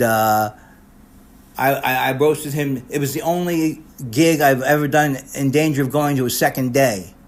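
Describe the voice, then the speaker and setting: An older man delivers a rambling comic roast, speaking at an ordinary middle pitch. He keeps cutting himself off mid-sentence and restarting. Sarcastic self-deprecating asides run through his delivery. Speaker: comedian recording a personalized video message.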